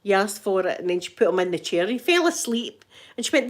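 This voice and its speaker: A middle-aged woman with a Scottish accent talks in an easygoing ASMR vlog. She tells her stories with animation and laughs often, and her voice sits at an ordinary pitch for a woman. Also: sing-song, fairly quick. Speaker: vlogger and grandmother.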